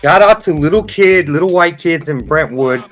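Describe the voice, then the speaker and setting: A man's voice: on the high side, lively intonation, normal speed, a bit bright, faint music behind, poor audio. A man co-hosting a casual podcast, telling a story in a loose joking way. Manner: storytelling, bits of mocking voices. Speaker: podcast co-host. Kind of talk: casual chat.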